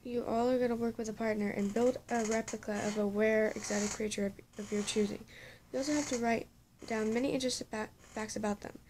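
A woman with a somewhat high voice reads a fan story aloud, stumbling over words and correcting herself as she goes. She stops now and then for exasperated asides. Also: steady tone, quick pace, darkish tone, slight background noise. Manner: stumbling reading with frequent self-corrections; breaks off into laughing, exasperated asides. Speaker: story reader.

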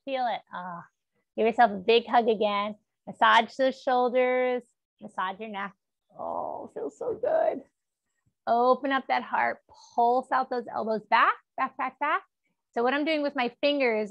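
A woman teaching a gentle stretch class, encouraging and upbeat, leading spoken affirmations. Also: a little high, moderate pace, no echo, muffled recording. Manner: upbeat and encouraging, with laughs and cheers.

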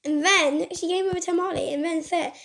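High-voiced woman rambling through a story. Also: steady tone, a little fast, creaky, a bit bright. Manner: rambling, scattered retelling. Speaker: gaming vlogger. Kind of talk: casual storytelling over screen recording. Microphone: phone mic.

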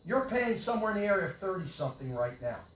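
An older man preaching a sermon with great passion, swinging from loud yelling to low mutters. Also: sing-song, fast, slight background noise. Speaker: pastor. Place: church hall. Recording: echoey church hall, from far off.

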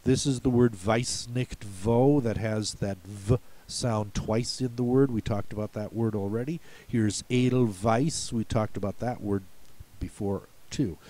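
A man's voice: fairly low pitch, steady tone, unhurried, warm tone. A man from the United States patiently explaining word pronunciations for a spelling lesson, in a folksy, step-by-step way. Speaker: spelling bee coach.

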